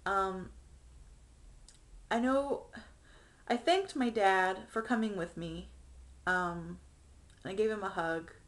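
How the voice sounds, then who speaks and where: A woman's voice: mid-range voice, slow pace, long pauses. A young woman talking through a personal video diary in a chatty, earnest way with many ums, getting emotional. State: emotional, near tears. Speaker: vlogger.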